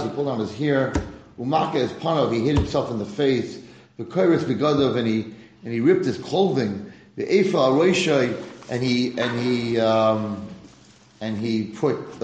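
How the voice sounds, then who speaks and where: A man's voice: mid-range voice, darkish tone, roomy sound, slight background noise, rough recording. A man teaching a religious lesson to a class, posing rhetorical questions and mixing in Hebrew terms. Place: room with a class present.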